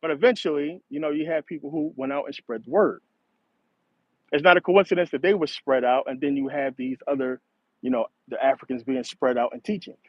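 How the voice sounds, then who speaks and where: A man's voice: fairly high pitch, fairly even intonation, a little fast, no room sound. A man hosting a casual monologue, rambling, cursing a lot and laughing often. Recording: dull, slightly lo-fi dry recording.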